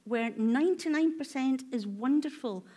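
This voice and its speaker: Woman, therapist, workshop talk, slightly high pitch, questioning, conversational, filler ums. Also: animated, moderate pace, mellow. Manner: asks the audience many reflective questions.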